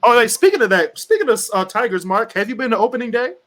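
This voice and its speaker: High-voiced animated man hosting a podcast. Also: fast. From Michigan. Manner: animated, laughs often, acts out people in quotes. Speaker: podcast host. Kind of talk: casual chat.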